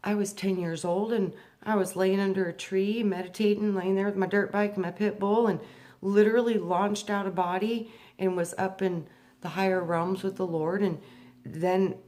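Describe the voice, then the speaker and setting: This spiritual speaker tells her own story, lowering her voice and slowing down for profound moments. Memories bring out a lively energy, and she jumps sharply upward in pitch when playing her younger self.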